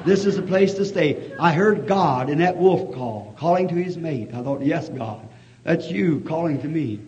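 A man preaching a sermon, telling a folksy story that rises to fervent shouting. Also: fairly high pitch, animated, moderate pace. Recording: dull lo-fi old recording.

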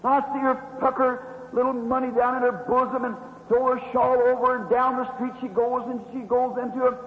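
A man's voice: very high-pitched, flat delivery, normal speed. A man preaching a revival sermon, telling the story in a dramatic, fervent way with sweeping rises and drops. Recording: echoey hall, dull lo-fi with faint hum.

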